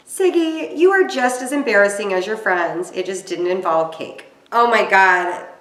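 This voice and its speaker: A woman's voice: medium pitch, fairly bright tone. A woman giving casual commentary to camera as she recaps a reality TV episode, chatty and exclamatory, with wry asides. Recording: roomy echo.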